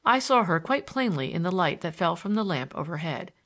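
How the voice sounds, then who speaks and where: A woman narrating a novel in a measured, expressive reading. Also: on the low side. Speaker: audiobook narrator. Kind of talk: scripted narration.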